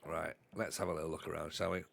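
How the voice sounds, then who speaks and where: A man's voice: very deep voice, level tone, fast, vocal fry. A man with a Northeast English accent, streaming live as he plays a football management game, rambling and joking about himself while nursing a cold. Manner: rambling, joking, self-deprecating. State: has a cold. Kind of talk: casual live-stream commentary.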